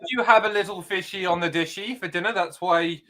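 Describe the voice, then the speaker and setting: A British man hosts a casual podcast over a video call. His voice is bright and sits a bit high, and he rambles playfully, tripping over himself. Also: a little fast. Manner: playful, rambling, flustered asides. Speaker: podcast host. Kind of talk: casual chat.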